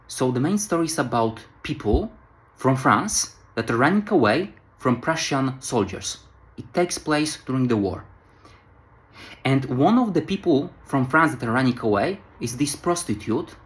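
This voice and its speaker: A man's voice: mid-range voice, fairly bright tone. A young man in a vlog, casually talking through a classic novel with loose phrasing, filler words and restarts. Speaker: vlogger reviewing a classic novel. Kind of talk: casual spoken book analysis.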